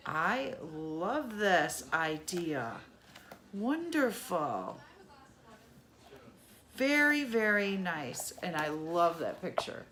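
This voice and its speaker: Her voice sits on the low side, a bit bright, with big pitch swings, drawn-out words and long pauses. This middle-aged unboxing vlogger chats casually through a subscription box, exclaiming at every item and laughing when she mispronounces something.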